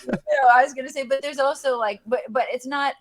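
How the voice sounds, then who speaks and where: A woman's voice: high-pitched, fairly quick, a loud crowd. A woman guest in a casual podcast chat, talking chattily with lots of fillers, likes and laughs. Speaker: guest musician.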